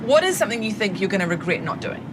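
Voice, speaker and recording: A woman's voice: medium pitch, sing-song, very fast, loud music behind the voice, close to an everyday voice. An actress playing a pushy pregnant woman teasing her partner in a film scene. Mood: bossy. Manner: teasing, exasperated, bossy. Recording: film clip with noisy background.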